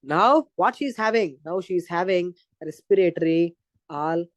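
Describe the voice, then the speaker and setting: Speaking fairly quickly in a voice that sits high, a man with an Indian English accent teaches physiology for exam prep. The recording is dry and lo-fi, and he repeats his points while explaining step by step.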